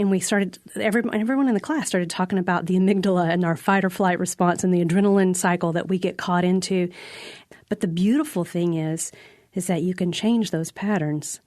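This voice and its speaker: Low-voiced woman telling earnest stories. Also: a little mellow, dry recording, studio quality. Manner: earnest, reflective, halting. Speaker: prison theater facilitator. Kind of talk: radio interview storytelling.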